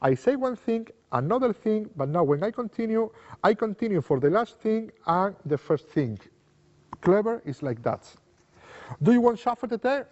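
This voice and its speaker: A man's voice: high voice, big pitch swings, normal speed, a little mellow. A man teaching card magic in non-native English, acting out sample lines for a spectator. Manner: non-native English, simple repetitive phrasing. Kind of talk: explaining card magic technique. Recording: long reverb, dull lo-fi sound.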